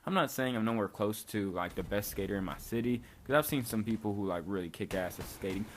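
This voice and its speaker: Telling a story casually on his vlog, a laid-back young man talks fast in a low-leaning voice. He sprinkles in "like" and swears freely, with faint background noise in the recording.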